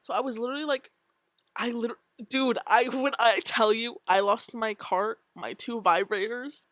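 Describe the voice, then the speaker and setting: A woman's voice: on the high side, fairly even intonation, normal speed, a bit bright, no room sound. A young woman in her twenties tells a personal story straight to camera. Her delivery is loose and rambling, packed with "like" and broken by laughs. The sound is dry and close to the mic. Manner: rambling, heavy use of filler "like", frequent laughs. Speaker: vlogger. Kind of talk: casual storytelling. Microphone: decent USB mic on tripod setup.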